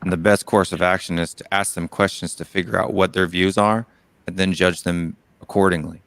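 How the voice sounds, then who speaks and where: A man's voice: low-pitched, little pitch movement, fairly quick, a bit bright, dry recording. A man with an American Southern accent, co-hosting a casual debate chat and making his case earnestly with many restarts.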